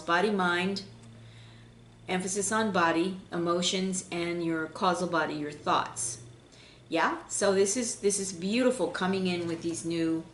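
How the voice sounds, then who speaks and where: A woman giving an unscripted spiritual tarot reading in a gentle, flowing way, pausing with fillers and restarts. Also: fairly low pitch, reverberant, a little hiss or hum. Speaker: intuitive tarot reader.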